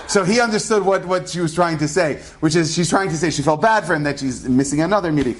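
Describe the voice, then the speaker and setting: Animated man telling a story, higher voice. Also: fast talker, few pauses. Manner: animated, acts out quoted voices. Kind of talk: casual spoken storytelling.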